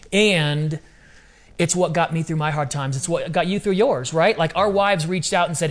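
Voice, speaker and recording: A middle-aged man talking as a podcast guest in casual interview chat, animated and repeating phrases for emphasis. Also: a little high, normal speed. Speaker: podcast guest, ministry founder.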